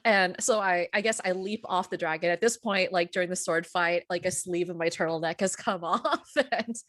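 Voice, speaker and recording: A woman's voice: lowish voice, steady tone, moderate pace, a bit bright, no echo, clean studio sound. A woman player in a tabletop role-play game who describes her character's moves with frequent giggles. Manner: giggly, laughing through her plans.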